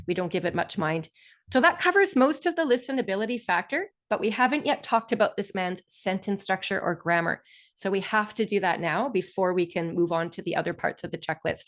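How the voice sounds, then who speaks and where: Woman teaching a live online lesson. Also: fairly low pitch. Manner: encouraging, explains step by step. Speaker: test prep instructor. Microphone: video call.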